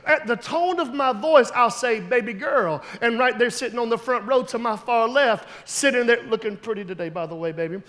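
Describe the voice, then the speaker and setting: A male pastor preaching a sermon, telling stories and building to loud, emphatic shouts. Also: very high-pitched, fairly quick, hardly any pauses, long reverb tail.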